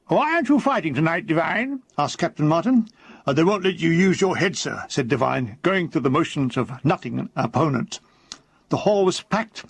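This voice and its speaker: A man reading his own comic war memoir aloud as an audiobook, with a dry, deadpan delivery and quick put-on voices for the people in the story. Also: fairly high pitch, vocal fry, dry recording.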